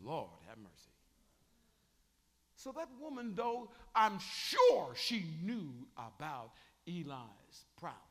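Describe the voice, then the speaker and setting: A man preaching a sermon as bishop, swinging from shouting to chatty asides. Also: fairly high pitch, in a large hall. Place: church sanctuary.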